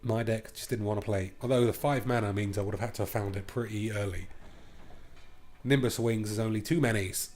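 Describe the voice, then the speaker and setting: Lowish-voiced man, gaming host, cheeky and crude, thinking out loud through a card match. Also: steady tone, fairly quick. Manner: playful and crude, thinking aloud. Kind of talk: live card game commentary.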